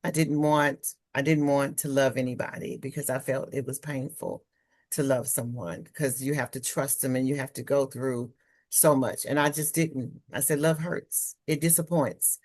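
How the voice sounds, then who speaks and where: A woman's voice: rumbling low, fairly even intonation, moderate pace, a little mellow. A woman presenting on trauma healing in a webinar, speaking candidly and personally from her own experience over a video call.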